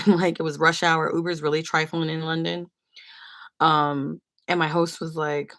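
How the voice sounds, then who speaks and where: Chatty woman with a lowish voice. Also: steady tone, a little fast, vocal fry, fairly bright tone. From San Francisco. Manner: chatty, rambling, many fillers. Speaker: livestreamer. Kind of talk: casual storytelling chat.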